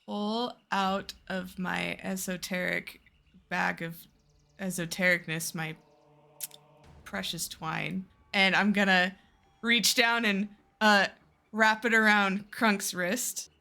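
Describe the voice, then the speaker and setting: A woman playing in a tabletop game, talking slowly and playfully with some hesitation. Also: mid-range voice, flat delivery, vocal fry, sharp tone. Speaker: player.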